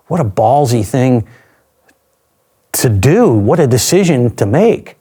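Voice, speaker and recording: A man's voice: mid-range voice, sing-song, takes it slowly, pauses often, mellow, slightly rough. Older man recounting a personal story. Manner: reflective, conversational, with dry asides. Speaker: interview guest.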